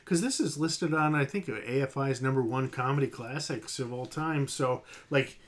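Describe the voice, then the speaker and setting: A man's voice: medium pitch, moderate pace. A man co-hosting a casual film podcast, rambling with many fillers and restarts. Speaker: podcast co-host.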